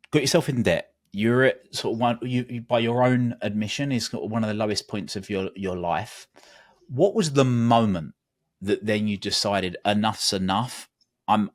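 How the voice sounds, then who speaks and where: A man with a very low voice hosts a podcast interview. He talks in a hesitant way, often restarting his sentences as he shares his own ideas and asks questions. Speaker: podcast host, performance coach.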